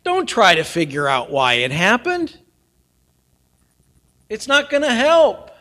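A pastor delivers his sermon in a high, ringing voice. He is earnest and shifts between loud emphasis and hushed, near-whispered lines. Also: wildly swooping pitch, slow pace.

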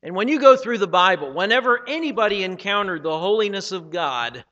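A man preaching a sermon, reading scripture dramatically and swinging between loud passages and hushed ones. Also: high voice, lively intonation, fairly quick, in a large hall, muffled recording. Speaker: pastor.

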